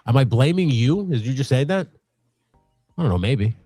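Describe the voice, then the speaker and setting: A man's voice: moderate pace, no room sound. A middle-aged man in casual, profane chat as co-host of a live stream, rambling and laughing often. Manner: rambling, animated, laughs often, acts out high voices in stories. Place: home workshop. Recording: dry room with faint music.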